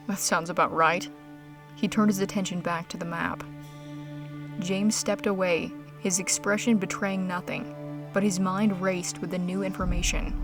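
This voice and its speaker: A woman reading a scripted history story in a measured, dramatic storytelling manner. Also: medium pitch. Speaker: narrator. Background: music.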